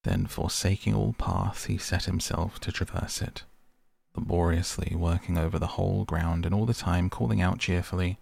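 Male storybook narrator, very low and gravelly, husky, dry close sound. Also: steady tone, normal speed, darkish tone, no echo. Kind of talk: storybook reading.

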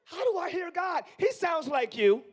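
A hoarse man in his forties preaching a live sermon as pastor, swinging from quiet musing to yelling. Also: extremely high pitch, big pitch swings, normal speed. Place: church sanctuary.

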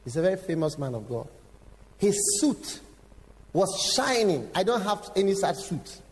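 A man preaching a sermon, telling stories with sudden shouts, acted quotes and direct questions to the congregation. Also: high-pitched, sing-song, moderate pace. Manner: engaging the audience with direct questions. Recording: long hall reverb, faint background noise.

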